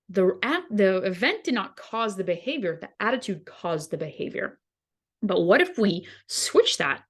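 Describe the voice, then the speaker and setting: Woman, podcast host, dietitian, casual teaching, conversational, everyday examples, mid-pitched.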